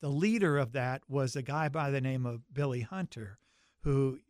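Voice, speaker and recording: A man's voice: mid-range voice, moderate pace, darkish tone, dry recording, clean studio sound. An older man from the American South with a Southern accent, telling his life story in an oral history interview, reflective and given to restarts.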